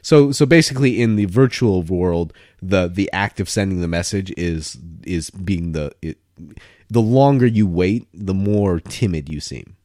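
A man's voice: sits low, measured pace, dry recording, studio quality. A young man in casual chat, rambling and correcting himself as he talks. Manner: rambling, self-correcting, animated.

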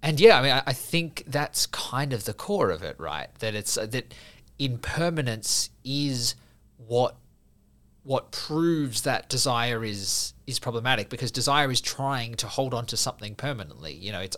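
A man's voice: mid-range voice, lively intonation, normal speed, a bit bright. A man in casual conversation explaining a Buddhist idea and telling a story, with many fillers and repeated restarts. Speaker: podcast guest speaking from a Buddhist view.

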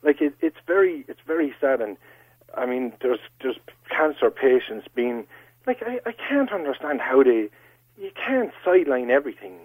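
An Irish man calls in to a radio show. He speaks haltingly, stumbling and restarting his sentences as he goes. His voice sits in a middle range and sounds dry. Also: mid-range voice, expressive, dry recording, narrow, tinny audio. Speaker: caller. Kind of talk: phone-in call.

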